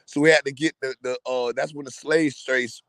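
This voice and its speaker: A man's voice: mid-range voice, fairly even intonation, moderate pace, a bit bright, no echo. A man co-hosting a casual group discussion, talking in a rambling, slangy way and often repeating words. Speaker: podcast co-host.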